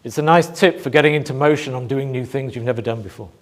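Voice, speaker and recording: A man giving a motivational talk to a live audience, asking rhetorical questions and pausing for emphasis. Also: medium pitch. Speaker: motivational speaker.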